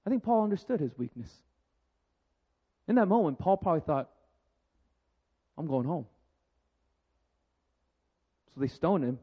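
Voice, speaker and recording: A man preaching a sermon with jokes, moving between lively storytelling and hushed, slow reflection. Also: high voice. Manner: animated and joking, then hushed and reflective. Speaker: pastor. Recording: dull lo-fi sound.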